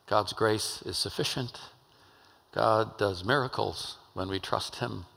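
A man's voice: fairly low pitch, slow, creaky, bright, forceful tone. An older man, a pastor, telling a story in a conversational sermon in a church. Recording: long hall reverb.

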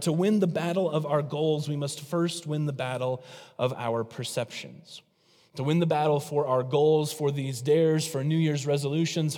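A man delivers a sermon as a pastor, his voice sitting a little high. He keeps turning to the congregation with questions. The sound rings with the long reverb of a church hall. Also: darkish tone. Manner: engaging, asks the congregation questions. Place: church sanctuary.

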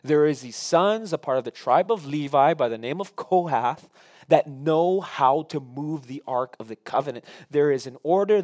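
Preaching man with big dynamic swings. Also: a little high. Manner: preaching with swings from loud emphasis to quiet asides. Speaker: pastor. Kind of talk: sermon.

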